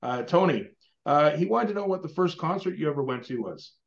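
A man's voice: on the high side, animated, a little fast, creaky. A man hosting a podcast interview, reading out supporter questions in a friendly casual way. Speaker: podcast host. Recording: roomy, dull, distant mic.

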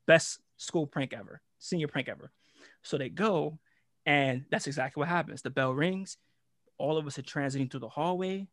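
A young New Yorker with a New York accent, appearing as a guest storyteller, tells a prank story in casual, profane, slangy chat and acts out the voices. His voice is on the high side with a fairly bright tone, captured as a dry, clean studio recording.

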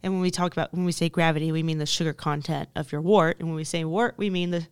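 A woman's voice: low-pitched, fairly even intonation, quick pace, smooth, no echo. A woman co-hosting a casual podcast, chatty and self-deprecating, who stops to explain terms. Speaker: podcast co-host.

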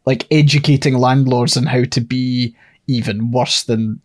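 A man's voice: medium pitch, steady tone, unhurried. Rambling, sweary man. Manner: rambling, sweary, laughs loudly. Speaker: podcast co-host. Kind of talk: casual chat.

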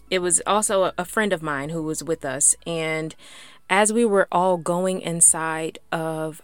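Brief: woman host, faith podcast, chatty and excited, lower voice, dry sound. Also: clear, resonant tone, no echo. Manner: excited, chatty, lots of "like" and "y'all". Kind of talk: casual faith podcast chat.

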